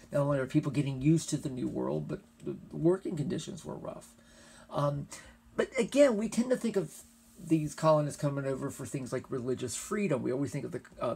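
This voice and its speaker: Husky, gravelly male history lecturer. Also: mid-range voice, darkish tone. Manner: explanatory, loose and chatty. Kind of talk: conversational classroom lecture.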